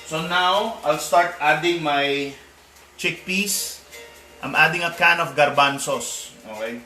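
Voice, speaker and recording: A man's voice: on the high side, slow, bright, forceful tone, far from the mic. A man with a Filipino accent, chatting casually as he cooks on a live stream, slipping Tagalog words into his English. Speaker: home cook. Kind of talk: live-streamed cooking chat. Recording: echoey room, voice off-mic, faint music.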